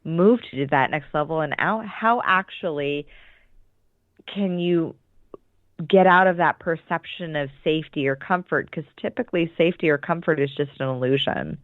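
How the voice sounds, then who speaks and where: A woman's voice: deep voice, moderate pace, no echo. Woman coach chatting, lots of restarts, sounds like a tinny phone call, dead dry. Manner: thoughtful, many restarts while explaining. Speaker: business coach. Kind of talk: casual interview talk.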